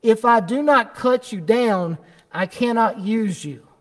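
A grave, loving master of the garden, put on by a preacher, speaks in a measured, unhurried way. His voice is fairly high, and a long church reverb trails every word.

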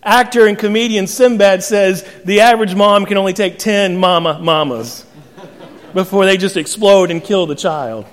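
A man's voice: high-pitched, normal speed. A man preaching a sermon in a church, telling stories with humorous asides. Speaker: pastor. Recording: long reverb in a large hall.

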